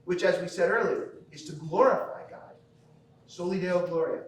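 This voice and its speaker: A man's voice: high voice, moderate pace, distant mic. Man lecturing in an echoey hall. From American Midwest. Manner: conversational, checks in with frequent "okay?". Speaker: teacher. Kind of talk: lecture speech at a school banquet. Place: large banquet hall.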